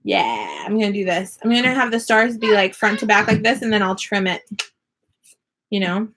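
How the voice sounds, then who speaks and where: A woman vlogging from her home classroom, chatting casually and upbeat with quick laughs while she crafts. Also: mid-range voice, expressive, fairly bright tone. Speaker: vlogger and online teacher.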